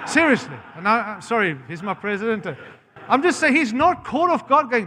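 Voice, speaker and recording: An American man preaches with a fairly high voice, blunt and impassioned. He often cuts himself off mid-phrase and restarts. His voice rings out with a long reverb, as if in a large church hall. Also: very animated, normal speed, pushed and bright. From United States. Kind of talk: sermon.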